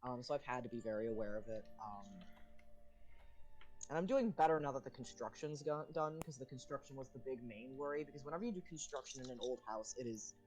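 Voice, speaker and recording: This trans man's mid-range voice, darkish and fast, is dropping and cracking on testosterone as he rambles on a live stream. He keeps things casual and curses constantly. The audio quality is poor.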